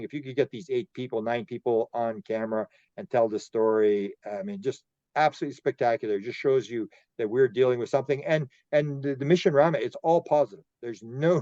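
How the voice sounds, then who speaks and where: A man's voice: mid-range voice, warm tone, no echo, dull audio. A man from Canada, a UFO researcher guest on a podcast, telling a long story and repeating words as he goes. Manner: rambling, repeats words, acts out quoted dialogue. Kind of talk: storytelling interview.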